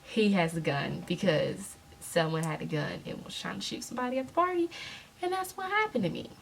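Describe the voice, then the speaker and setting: A young woman, telling an animated, sassy storytime vlog to her viewers. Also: mid-range voice, fairly quick, gravelly, slight background noise. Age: young adult. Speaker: vlogger.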